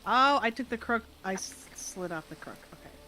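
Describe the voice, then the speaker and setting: A woman's voice: a little high, lively intonation, normal speed, pushed and bright, a little hiss or hum, low-quality recording. A woman streamer chatting casually while gaming, telling rambling stories full of restarts.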